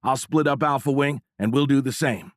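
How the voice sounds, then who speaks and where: A man's voice: mid-range voice, normal speed, no room sound, studio quality, pitched above the performer's own voice, close to an everyday voice. A man voicing a middle-aged male fighter-pilot colonel with a heavy East Texas drawl, giving urgent radio orders. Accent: East Texas drawl, put on. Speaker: fighter-wing commander.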